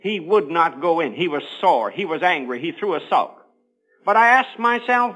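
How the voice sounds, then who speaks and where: A man's voice: fairly high pitch, very animated, normal speed, bright, forceful tone, poor audio. A man preaching a sermon on the radio, telling a Bible story with earnest, rising emphasis.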